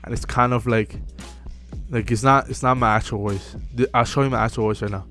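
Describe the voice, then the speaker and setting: A young man giving casual self-improvement advice to camera, relaxed and full of fillers, often checking in with "right?". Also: medium pitch, fairly quick, faint music behind. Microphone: close mic.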